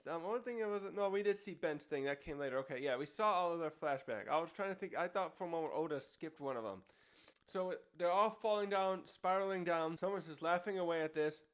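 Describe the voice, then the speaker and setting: A man casually reviewing a comic chapter, rambling with many restarts and fillers. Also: a little high. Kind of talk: casual commentary.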